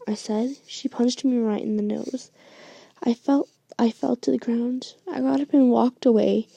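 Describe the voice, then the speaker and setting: A young woman narrating a first-person fanfic story in a hushed, halting way, as a whispered story reading with some restarts. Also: a little high, steady tone, creaky, husky, no room sound. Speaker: story reader.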